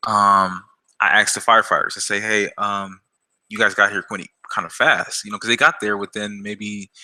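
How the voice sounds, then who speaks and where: Low bright-voiced man telling a story. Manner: hesitant, many fillers and restarts. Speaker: gaming YouTuber. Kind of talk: casual storytelling to camera.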